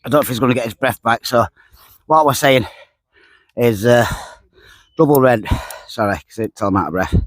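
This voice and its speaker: A man's voice: mid-range voice, fairly quick, pauses often. A man, chatting casually to camera while fishing by a lake, dropping words and repeating himself. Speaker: fishing vlogger. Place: lakeside outdoors.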